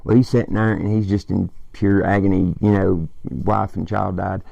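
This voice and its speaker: Gravelly, dark-voiced man rambling. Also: sits low, fairly even intonation, normal speed, no echo, highs cut off. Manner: rambling, swearing, quoting lines. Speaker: movie fan vlogger. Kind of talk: casual movie retelling.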